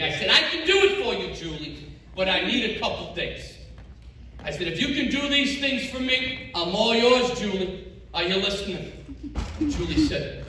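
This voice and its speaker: High-voiced headliner in echoing auditorium. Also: male voice, very animated, normal speed, slight background noise. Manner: rambling, self-mocking, exaggerated storytelling. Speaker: comedy show headliner and emcee. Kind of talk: stand-up set. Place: high school auditorium stage. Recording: echoey auditorium from far off, loud crowd.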